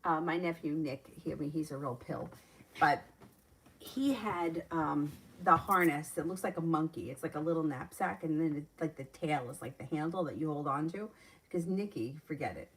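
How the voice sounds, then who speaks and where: Low-voiced woman giving tarot readings. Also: moderate pace, a little hiss or hum. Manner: reads viewer questions aloud and answers briefly; chatty, laughing storyteller between readings. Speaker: tarot reader. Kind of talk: live-stream tarot readings.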